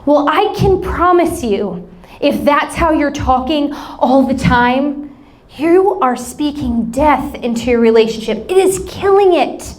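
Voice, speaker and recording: A woman's voice: sits high, animated, unhurried. A woman in her thirties with an American accent, a pastor preaching a sermon and telling a family story with laughing asides.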